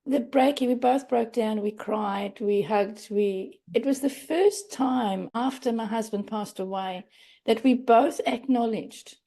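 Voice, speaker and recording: A middle-aged woman talks earnestly as a podcast guest. Her voice sits a little high yet sounds mellow and soft-edged. She slips into little quoted voices as she explains. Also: unhurried, gravelly. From Australia. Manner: earnest, acts out quoted phrases. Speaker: grief coach, guest. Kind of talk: podcast interview.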